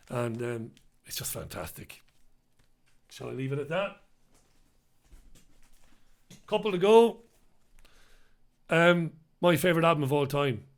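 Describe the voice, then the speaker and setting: A man's voice: mid-range voice, a bit bright. A man with a British accent hosting a live stream, chatting casually and rambling as he reads viewer comments aloud. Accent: British English. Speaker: host.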